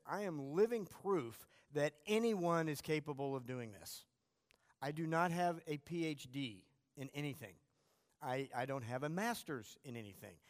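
A man teaching a church class, telling anecdotes in a self-deprecating, conversational way. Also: a little high. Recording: long hall reverb.

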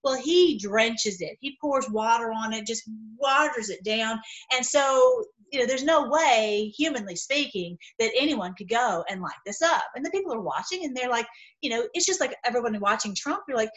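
Animated woman retelling a story. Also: on the high side, normal speed. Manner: animated, emphatic retelling with frequent restarts. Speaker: online video host. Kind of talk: casual storytelling talk.

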